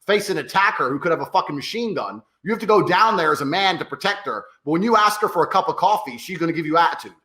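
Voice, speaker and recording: A man's voice: fairly high pitch, lively intonation, fast talker, few pauses, pushed and bright, roomy sound. A man, talking in a brash, profane, emphatic way in a casual podcast conversation. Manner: brash, profane and emphatic, acts out others' voices. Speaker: podcast guest.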